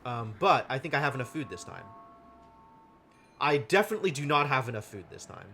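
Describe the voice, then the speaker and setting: Lively, bright-voiced man streaming a game. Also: mid-range voice, a little fast, creaky, a little hiss or hum. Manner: thinking aloud, wry and deadpan asides. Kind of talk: live gameplay commentary.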